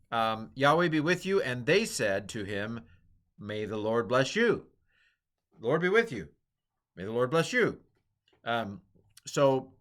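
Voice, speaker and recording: A man's voice: mid-range voice, fairly bright tone. A middle-aged man giving a casual, chatty lesson on grammar, explaining with many fillers and asides. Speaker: teacher. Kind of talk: lecture on Hebrew grammar.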